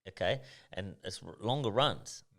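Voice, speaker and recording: A man's voice: lowish voice, normal speed. An Australian man in his thirties, a boxer talking in a casual podcast interview, blunt and swearing freely. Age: 30s. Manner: blunt and swearing, animated storytelling. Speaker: professional boxer guest.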